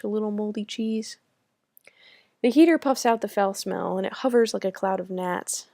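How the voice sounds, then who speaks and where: A woman's voice: medium pitch, vocal fry, a little mellow, dry recording, studio quality. A young American woman from the States reading her own personal essay aloud with wry, self-mocking humor. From United States. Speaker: student writer.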